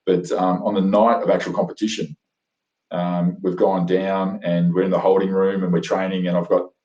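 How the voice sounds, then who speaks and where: An Australian man recounts his experiences as an interview guest with a lowish voice. He talks in a rambling, enthusiastic way, full of fillers and restarts. The sound carries a roomy echo. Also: level tone, normal speed, a little mellow, highs cut off. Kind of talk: animated storytelling in conversation.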